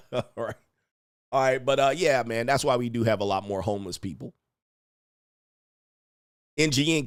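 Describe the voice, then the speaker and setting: Animated male livestream host, dry sound. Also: medium pitch, no room sound. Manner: animated, mocking impressions of others. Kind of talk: casual livestream commentary.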